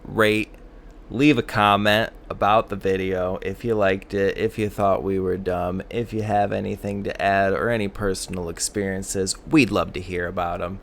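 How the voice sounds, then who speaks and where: A man's voice: low voice, level tone, normal speed, gravelly, a bit bright, slight background noise. A man co-hosting a podcast, laid-back and joking as he wraps up the episode. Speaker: podcast co-host. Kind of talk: casual podcast sign-off.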